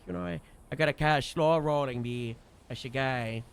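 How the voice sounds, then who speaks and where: A man casually recounting a role-play shift as a streamer, rambling with lots of fillers and animated bursts. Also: mid-range voice, a little fast, gravelly, clear, resonant tone. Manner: rambling, full of "you know" and "like" fillers; animated retelling with sudden loud bursts. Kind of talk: casual storytelling recap.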